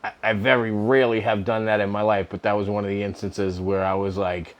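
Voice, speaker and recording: A man's voice: on the low side, fairly quick, dull audio. A middle-aged man casually telling a personal story to camera, swearing freely and laughing often. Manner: profane, laughing often, animated.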